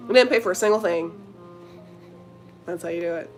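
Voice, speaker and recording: A woman's voice: on the low side, a little fast, faint music behind. A young woman chatting casually to her viewers, telling a story with lots of slang, fillers and giggles. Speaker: vlogger answering viewer questions.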